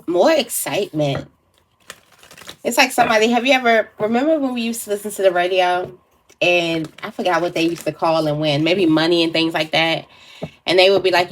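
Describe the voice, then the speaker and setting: Casual female tarot reader with a lower voice, musing aloud in a loose, rambling way. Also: a little fast, a little hiss or hum. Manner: meandering, thinks aloud with fillers and restarts. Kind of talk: casual spiritual reading to camera.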